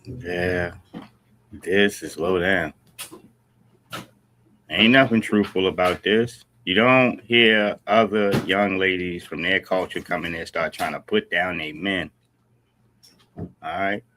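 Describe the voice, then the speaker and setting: A man's voice: deep voice, fairly even intonation, slow pace, long pauses, bright, forceful tone, a little hiss or hum. A man hosting a commentary stream, talking emphatically and asking "all right?" over and over. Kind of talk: livestream commentary.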